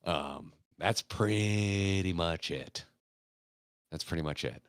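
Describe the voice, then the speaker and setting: Deep-voiced, laid-back American man. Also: a bit bright, no room sound, clean studio sound. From Florida, United States. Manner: rambling, laid-back, laughs often, swears casually. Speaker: podcast host. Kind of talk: casual podcast chat.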